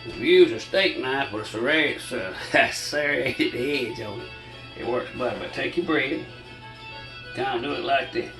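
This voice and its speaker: A man's voice: medium pitch, animated, normal speed, roomy sound, distant mic, music in the background, poor audio. An older man with a Southern US accent, chatting folksily to viewers as he demonstrates a recipe in his home kitchen, a bit short of breath. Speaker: cooking channel host. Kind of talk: casual home cooking demonstration.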